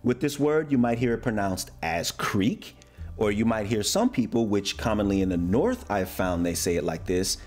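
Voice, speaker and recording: A man's voice: on the low side, moderate pace, darkish tone, soft background music. A man from the United States explaining slang in a casual, playful way, acting out example phrases. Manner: playful, acts out example phrases in shifting voices. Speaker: YouTuber explaining American slang.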